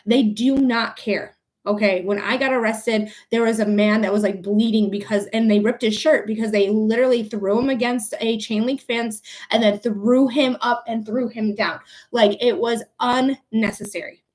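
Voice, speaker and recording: A young woman livestreaming as a psychic reader, ranting angrily and profanely while answering her chat viewers. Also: on the high side. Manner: angry, profane, addresses chat viewers by name. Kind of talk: live-stream chat and rant.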